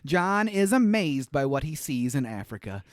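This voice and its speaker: A man's voice: fairly high pitch, big pitch swings, moderate pace, no room sound, studio quality. A man casually recapping a movie on a podcast, joking, acting out lines in mock quotes and laughing often. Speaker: podcast co-host.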